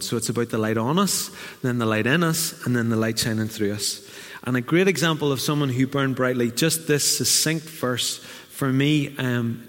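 A middle-aged man preaching from the pulpit, mid-pitched and earnest. He slips into lively acted asides as he speaks. His voice rings out with a long reverb in a church hall. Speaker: pastor. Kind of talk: sermon.

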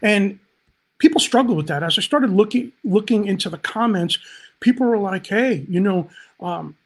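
A man's voice: sits high, moderate pace. A man speaking as a pastor on a livestream, upbeat and talking straight to viewers in the chat. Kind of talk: livestream Bible teaching.

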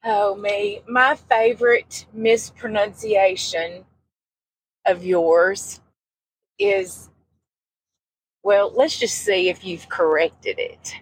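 A woman's voice: medium pitch, animated, very slow, long pauses, breathy edge, dry recording, low-quality recording. A woman co-hosting a podcast, chatting casually and teasing her friend. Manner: teasing, giggly. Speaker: podcast co-host. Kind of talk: casual chat.

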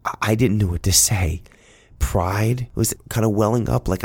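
A man's voice: on the low side, normal speed, gravelly, breathy edge. A man telling a personal story in an earnest, heartfelt, conversational way.

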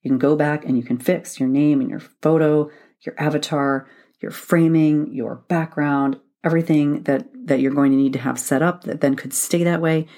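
Woman podcast host coaching listeners, steady instructive delivery that circles back to stress key points. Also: low-pitched, normal speed. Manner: instructive, methodical, repeats points for emphasis. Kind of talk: solo advice podcast.

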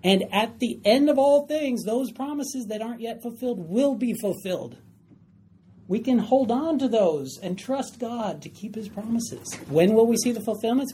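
Woman teaching bible study, mellow voice, keeps asking the group stuff, bit of background hiss. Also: medium pitch. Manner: emphatic, asks the group questions.

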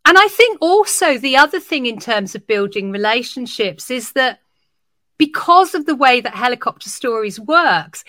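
Animated bright-voiced woman educator. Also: fairly high pitch, moderate pace, dry recording. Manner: animated, acts out dialogue while telling stories. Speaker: early years storytelling educator. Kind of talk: podcast conversation, telling an anecdote.

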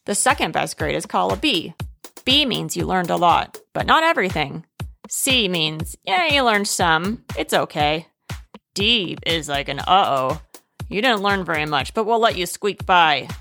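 A mother narrating a children's story, explaining things gently and patiently. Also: on the low side, big pitch swings, unhurried, gravelly, faint music behind.

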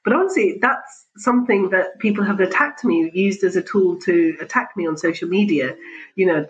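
A woman working as a family doctor, talking in a jovial, animated way in an interview and laughing often. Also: fairly low pitch, slight background noise, poor audio. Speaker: GP, interview guest. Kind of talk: conversational interview.

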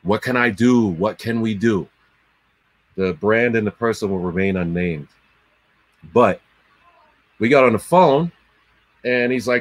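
A man's voice: on the low side, measured pace, pauses often. A man in casual chat, telling a story bluntly and with profanity, acting out both sides of a conversation.

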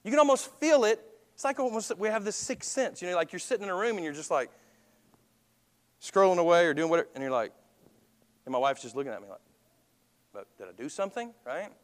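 Higher-voiced pastor preaching in a reverberant hall. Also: male voice, expressive, fast. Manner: conversational, asks the congregation questions. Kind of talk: sermon.

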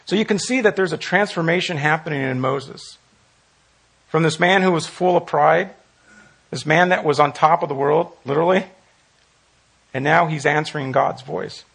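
Man, Bible study teacher, slightly high, gravelly husky voice, earnest and repetitive. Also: moderate pace, pauses often, a bit bright. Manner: earnest, repeats phrases for emphasis. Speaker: pastor leading Bible study.

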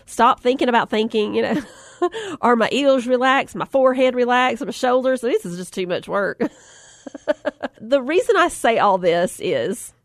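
A middle-aged woman, telling a funny personal story, chatty and animated, laughing often and acting out the voices she quotes. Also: a little high, measured pace, no echo, studio quality. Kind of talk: humorous storytelling talk.

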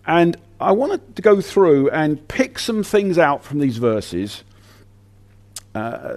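A man preaching a sermon in an animated, conversational way, often restarting his sentences. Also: on the high side.

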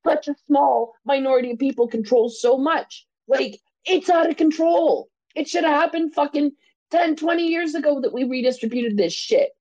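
A woman co-hosting a podcast fires off a heated, profane rant in a somewhat high voice. She is recorded close up with a dry, dead sound and no room echo. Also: a little mellow. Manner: profane, fired-up ranting. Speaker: podcast co-host. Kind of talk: casual podcast chat.

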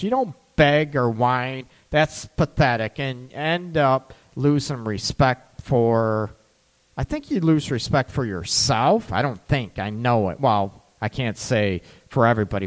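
Animated man coaching on relationships. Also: medium pitch, big-room sound. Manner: candid, joking, laughs often. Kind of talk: live-streamed advice talk.

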